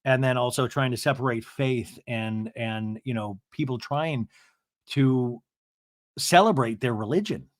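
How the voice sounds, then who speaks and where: A man's voice: mid-range voice, a little slow, no room sound, studio quality. A man hosting a casual TV recap podcast, rambling and thinking aloud with many restarts. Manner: rambling, lots of you-knows and restarts. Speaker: podcast host.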